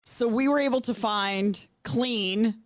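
A woman's voice: fairly high pitch, takes it slowly, noisy background. A woman co-hosting a radio talk show, chatting in an amused, teasing way. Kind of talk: casual radio chat.

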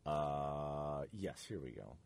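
A man's voice: extremely low pitch, lively intonation, takes it slowly, vocal fry, a little mellow, no echo. A man co-hosting a radio talk show, reading listener texts aloud and adding short reactions.

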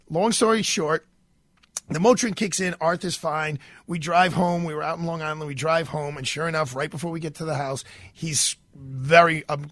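Hombre de voz algo aguda, locutor de radio conversador. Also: male voice, a little high, fairly bright tone, no echo. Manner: chatty storytelling with fillers and restarts. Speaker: radio talk show host. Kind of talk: casual radio monologue. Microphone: studio microphone.

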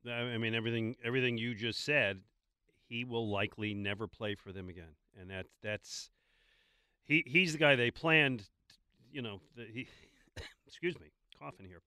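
A man's voice: mid-range voice, moderate pace, bright, forceful tone, clear, resonant tone, dry recording, clean studio sound. A man co-hosting a sports talk show, posing questions in casual chat with a wry manner and frequent restarts. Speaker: sports radio co-host.

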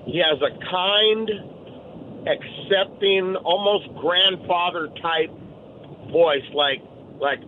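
A man's voice: high voice, slow pace. A man calling in to a radio show, talking in an enthusiastic, nostalgic way. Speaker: caller. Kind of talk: phone call to radio show. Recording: tinny phone line with faint noise.

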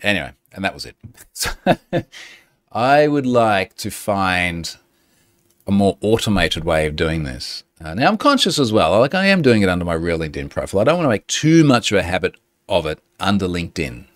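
A man hosting a show in casual chat, sardonic and animated and often breaking into laughter. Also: low voice, normal speed, dry recording, studio quality.

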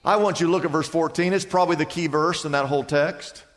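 Male pastor, sermon, emphatic conversational delivery, high-pitched, long church reverb. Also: fairly even intonation, quick pace. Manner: emphatic, conversational preaching with repetition. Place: church sanctuary.

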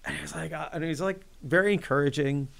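Talking fast with some vocal fry, a man with a slightly high voice recounts his experiences as a musician. The story is casual, excitable, and self-mocking, peppered with "like."

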